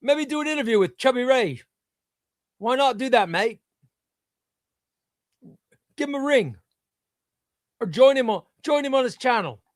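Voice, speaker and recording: A man's voice: very high voice, lively intonation, unhurried, pauses often, dry recording, studio quality, voice pushed up. A man doing a cheery Aussie bloke. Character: cheery, matey Australian man.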